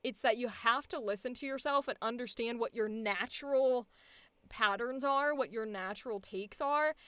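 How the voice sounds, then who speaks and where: A woman's voice: a little high, normal speed, a bit bright, clear, resonant tone, dry recording. A woman coaching voice acting, rambling cheerfully, swearing freely and laughing often as she talks. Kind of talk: casual coaching chat.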